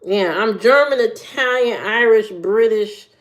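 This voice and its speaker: A woman from Indiana hosts a casual livestream and answers her viewers at an unhurried, drawn-out pace. Her delivery rambles, doubles back, and repeats phrases while she works out what to say next. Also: a little high. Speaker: livestream host.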